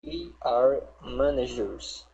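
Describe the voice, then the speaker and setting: A man's voice: mid-range voice, animated, slow, creaky, dark tone. Hesitant male learner on a muffled call. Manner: careful, slightly hesitant reading. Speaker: English learner. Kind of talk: reading practice sentences aloud. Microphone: video call.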